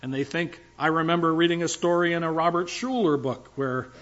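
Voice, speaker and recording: A man's voice: on the high side, steady tone, a little fast, fairly bright tone, dull audio. Older man preaching a conversational sermon. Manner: conversational, emphatic preaching with asides. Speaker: pastor.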